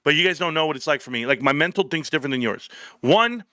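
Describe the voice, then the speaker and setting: A man's voice: on the high side, expressive, fast talker, pushed and bright, no echo, studio quality. A man hosting a casual live stream, joking, rambling and swearing freely as he talks to viewers by name.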